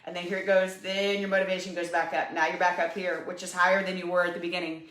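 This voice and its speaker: A woman's voice: lowish voice, flat delivery, fast talker, a bit bright. A woman giving an upbeat, encouraging live fitness coaching talk, speaking straight to her viewers. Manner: upbeat, encouraging, talks to viewers as "you guys". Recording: echoey room.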